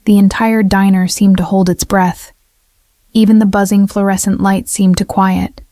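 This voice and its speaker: A woman narrating a dramatic first-person story in a steady, even way. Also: medium pitch, moderate pace, no echo, studio quality.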